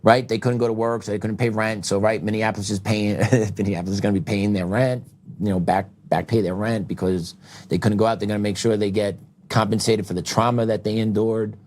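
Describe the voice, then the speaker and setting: A man's voice: on the low side, flat delivery, a little fast, darkish tone, a little hiss or hum. A middle-aged man hosting a show, delivering a heated political commentary monologue with asides and short laughs. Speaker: show host.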